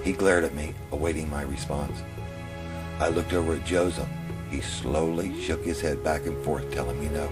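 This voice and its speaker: A man telling his own memoir in the first person, in a plain, steady way. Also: rumbling low, normal speed. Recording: music playing under the narration.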